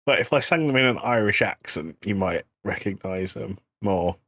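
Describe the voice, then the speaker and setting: Low-voiced British man, joking podcast host. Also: animated, moderate pace, fairly bright tone. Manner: joking, rambling. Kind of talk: casual comedy chat.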